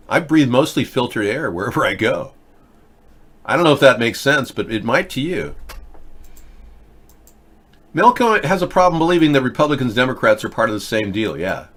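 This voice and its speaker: A man's voice: mid-range voice, lively intonation, moderate pace, fairly bright tone. A man hosting a live political video chat show, talking bluntly and rambling, restarting his words and answering viewers in the chat. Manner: replies to chat viewers, mocks them. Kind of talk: casual live-stream talk.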